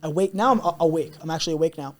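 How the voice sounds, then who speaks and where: A man's voice: fairly high pitch, very fast. Earnest intense young man. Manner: intense, earnest, repeats himself. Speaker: podcast guest. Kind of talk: candid storytelling.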